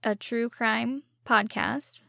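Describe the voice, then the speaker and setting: A woman's voice: fairly high pitch, fairly even intonation, slow, gravelly, pushed and bright, no room sound, studio quality. A young woman co-hosting a podcast, joking and bantering in casual chat. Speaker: podcast co-host.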